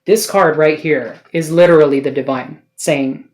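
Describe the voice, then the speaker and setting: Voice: mid-range voice, normal speed, darkish tone. A tarot card reader giving an emotional spiritual reading to camera, earnest and pleading, swearing casually and firing off rhetorical questions.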